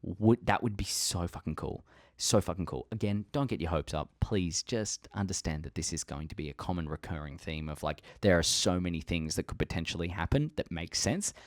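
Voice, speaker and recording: A young man hosting a fan channel, chatting casually and excitedly about theories, rambling, swearing freely and laughing at himself. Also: low-pitched, brisk, no room sound, clean studio sound.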